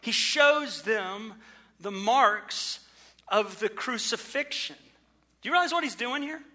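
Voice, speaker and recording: A man preaching a sermon as pastor, earnest, slowing down to stress his words. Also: high-pitched, expressive, sharp tone.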